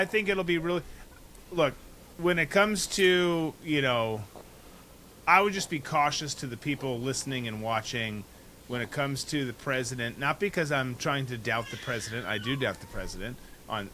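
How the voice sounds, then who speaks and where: A man with a bright, tense voice weighs his words on a podcast, stumbling over starts. A faint hiss of noise sits behind him. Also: medium pitch. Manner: cautious, hesitant, stammering restarts. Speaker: podcast co-host. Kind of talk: casual political chat.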